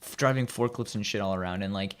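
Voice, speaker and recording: A man's voice: fairly low pitch, quick pace. A young man co-hosting a podcast, telling a skateboarding story in a laid-back way, often saying dude. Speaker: podcast co-host. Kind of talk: casual chat.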